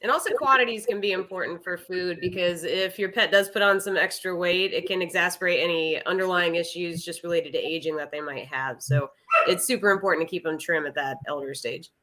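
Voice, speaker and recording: A woman's voice: lowish voice, brisk, crowd noise, rough recording. A woman from an animal shelter chatting on a podcast, explaining pet care in a friendly, easygoing way. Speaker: animal shelter staff member. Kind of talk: informative podcast chat.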